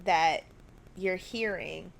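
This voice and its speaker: A woman hosting her own podcast from her living room, chatting casually in a rambling, excitable way and often dropping to a whisper. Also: lowish voice, drawn-out words, gravelly. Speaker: podcast host. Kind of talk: casual solo chat. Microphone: studio mic at home.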